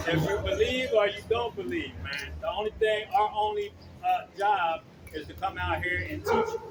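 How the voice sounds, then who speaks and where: A man preaching outdoors on the street, loud and blunt, swearing and checking in with his listeners again and again. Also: high voice, background noise. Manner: loud, blunt, profane, keeps asking "okay?".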